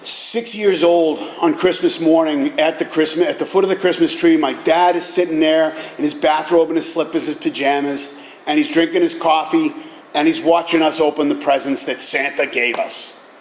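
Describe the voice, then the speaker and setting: A middle-aged man giving an animated personal talk at a recovery meeting, telling stories with casual profanity. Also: on the high side, moderate pace, a little hiss or hum. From Boston area, USA. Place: meeting hall. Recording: echoey hall with faint ambience.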